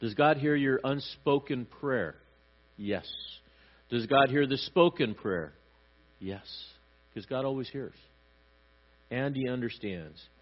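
A man preaches a sermon on a psalm in an animated way, slipping into brief acted voices to make his points. His voice sits at an ordinary middle pitch. The recording is dull and carries a faint mains hum. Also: slow pace, pauses often. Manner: animated, acts out little voices for God and parents. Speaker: pastor.

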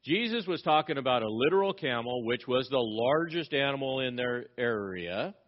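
A man's voice: medium pitch, animated, moderate pace, hardly any pauses. A middle-aged man preaching a sermon as a pastor, emphatic and repeating his key phrases, with frequent restarts. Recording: dull lo-fi recording.

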